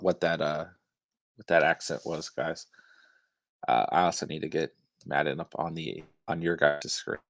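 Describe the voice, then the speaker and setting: A young man hosts a live stream, answering viewer chat in a relaxed, easygoing way. His voice sits very low with a gravelly edge. The sound is close and dry. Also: no echo. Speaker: host.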